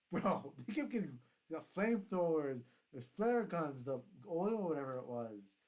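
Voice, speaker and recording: A young man chatting casually on his own, rambling and excitable, often correcting himself as he goes. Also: fairly high pitch, a little slow. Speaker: YouTuber reviewing a TV show. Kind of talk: casual solo review chat.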